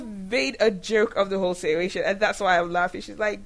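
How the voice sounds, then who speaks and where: A woman's voice: medium pitch, a little fast, low-quality recording. Outspoken woman hosting a commentary show. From Nigeria. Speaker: show host. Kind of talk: opinionated commentary monologue.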